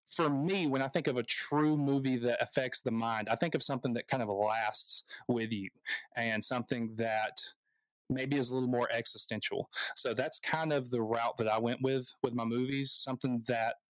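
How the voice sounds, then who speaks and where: A man's voice: mid-range voice, fairly even intonation, moderate pace, fairly bright tone, dry recording, rough recording. A man from the American South co-hosting a movie podcast, chatting with enthusiasm and plenty of restarts. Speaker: podcast co-host. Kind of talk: casual movie chat.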